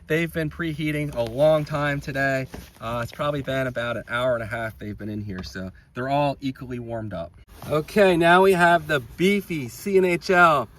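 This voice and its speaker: An RC hobby channel host tests batteries outdoors beside a road with passing traffic, thinking aloud as he reads off numbers and plainly excited by the results. His voice is medium-pitched and fairly bright at a normal speed, on a rough recording with some hiss or hum.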